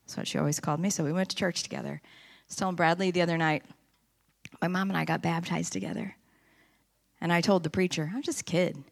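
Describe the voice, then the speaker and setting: A middle-aged woman giving a personal testimony at church, telling her story in an earnest, animated way. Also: on the low side, quick pace, gravelly, long pauses.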